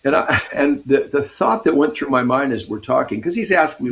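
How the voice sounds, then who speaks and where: A man's voice: medium pitch, lively intonation, moderate pace, gravelly. A man in his sixties from Pasadena, California, a guest guitarist animatedly telling stories in a radio interview and laughing often.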